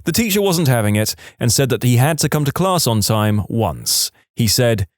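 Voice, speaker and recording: A man reading online stories aloud as scripted narration, expressive, with dry asides. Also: mid-range voice, moderate pace, no room sound.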